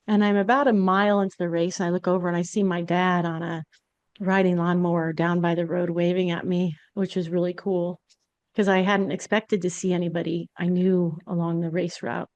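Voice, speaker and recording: A woman's voice: on the low side, level tone, brisk, darkish tone, dry recording, highs cut off. A woman podcast host telling a personal story in a candid, confessional way.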